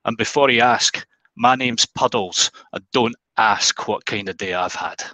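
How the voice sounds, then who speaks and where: A fed-up duck, dry and weary, as a man puts him on in a told joke. The voice stays bright and dry. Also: on the low side, measured pace, dry recording, full character voice. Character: grumpy duck named Puddles.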